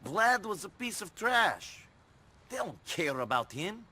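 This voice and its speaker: Wry, sarcastic tough guy, slow lively talk, bright tone. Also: high-pitched, breathy edge, exaggerated voice. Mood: calming. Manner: dry, sarcastic delivery. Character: sardonic tough immigrant man, dry and wry.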